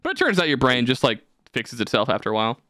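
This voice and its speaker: A young man hosting a podcast, telling stories in casual chat with lots of swearing and animated energy. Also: medium pitch, fast talker, no echo, studio quality. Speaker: podcast host.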